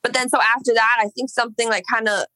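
A woman's voice: a little high, fairly even intonation, fast talker, bright, forceful tone, dry recording, rough recording. A young woman from Los Angeles telling a long story in casual chat, rambling with lots of "like" and swearing. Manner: rambling, heavy filler "like", swearing. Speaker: singer, podcast guest.

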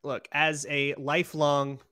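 A man's voice: fairly high pitch, flat delivery, takes it slowly, sharp tone, clean tone. A man hosting a sports podcast, setting up topics in a wry, teasing, casual way. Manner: steering the conversation, wry and teasing.

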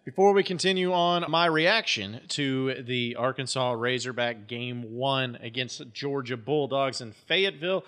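A man hosting a sports podcast, talking casually in animated bursts, full of restarts and fillers. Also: mid-range voice, unhurried, few pauses. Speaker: podcast host.

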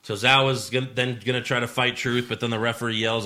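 Bright-voiced sarcastic man recapping. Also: medium pitch, flat delivery, fairly quick. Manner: loose, sarcastic, swears a lot. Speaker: podcast host. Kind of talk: casual chat.

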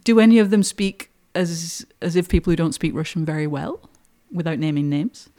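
An interviewer who asks curious, long, rambling questions in a relaxed conversation. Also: medium pitch, normal speed.

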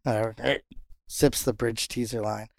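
A man who captains a charter fishing boat, telling fishing stories in a casual interview and jumping into high voices when he quotes others. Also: moderate pace, no echo, clean studio sound. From Pompano, Florida. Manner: animated storyteller, jumps high when quoting others.

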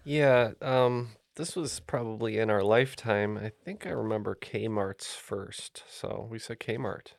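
Gravelly man chatting on a trivia podcast. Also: lowish voice, unhurried, hardly any pauses, no room sound. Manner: joking, keeps score. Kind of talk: casual chat.

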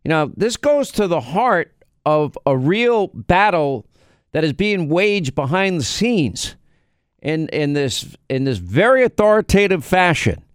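A man's voice: a little high, sing-song, measured pace, smooth, no room sound, clean studio sound. An American man hosting a talk radio show, delivering an emphatic, conversational monologue with frequent restarts. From United States.

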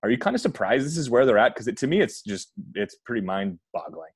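A man's voice: mid-range voice, big pitch swings, fast, husky, dry recording. A man hosting a casual sports talk show, talking in a chatty, rambling way and often correcting himself mid-sentence. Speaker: podcast host.

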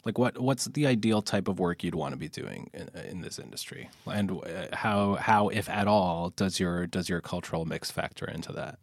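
A man's voice: deep voice, no room sound, clean studio sound. A young man hosting a podcast, talking reflectively in a casual interview and stopping often to restart his sentences. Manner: reflective, halting with many restarts, laughs easily. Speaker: podcast host.

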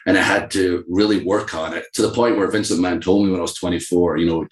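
A man with a Scottish accent, a wrestler telling stories in an interview, animated and laughing often. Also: sits low, quick pace. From Scotland. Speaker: guest, professional wrestler. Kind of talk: casual interview talk. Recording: roomy echo.

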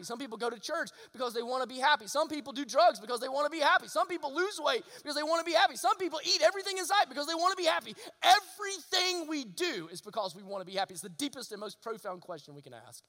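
A man preaching a sermon, emphatic and full of rhetorical questions, swinging from loud to hushed. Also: very high voice. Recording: long reverb of a large hall.

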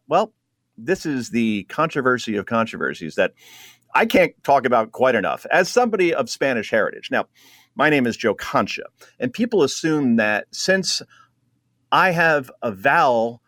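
A man hosting a radio talk show, sarcastic and quick to laugh at his own jokes while he cues up clips. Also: mid-range voice, big pitch swings, a bit bright, no echo, clean studio sound. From New Jersey.

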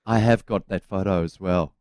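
A middle-aged man with a New Zealand accent, co-hosting a sports radio show and telling relaxed, self-deprecating stories. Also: low-pitched, normal speed, clear, resonant tone, no room sound, clean studio sound. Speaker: radio co-host, former cricketer. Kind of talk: casual sports radio chat.

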